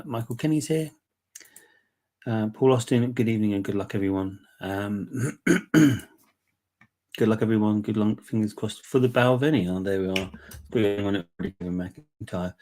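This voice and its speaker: A man casually hosting a whisky giveaway livestream, chatty and relaxed with lots of ums, a bit bunged up from a cold. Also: medium pitch. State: congested, bunged up. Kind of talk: casual live chat.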